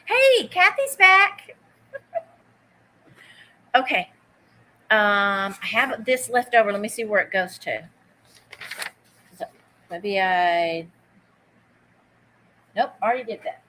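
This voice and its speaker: A woman's voice: medium pitch, takes it slowly, long pauses, fairly bright tone, low-quality recording. A woman hosting a live online vintage sale. She chats casually, greets viewers by name while she takes bids, and drops easy asides. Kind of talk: live-stream auction chat.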